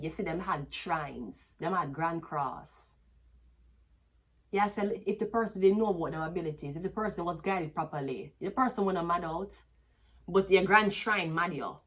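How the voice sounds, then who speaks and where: A woman's voice: lowish voice, a bit bright. A woman with a Jamaican accent, a tarot reader talking to camera in a rambling, casual monologue full of restarts.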